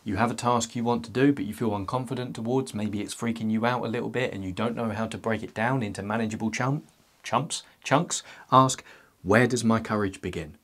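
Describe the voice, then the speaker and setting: A man's voice: lowish voice, fairly even intonation, brisk, a bit bright. A young man talking to his own channel's viewers in a scripted self-help monologue, joking as he goes. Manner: playful, jokey asides.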